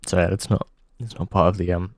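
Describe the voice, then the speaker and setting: A man hosting a comedy show, delivering a halting deadpan monologue full of pauses. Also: deep voice, no echo, studio quality.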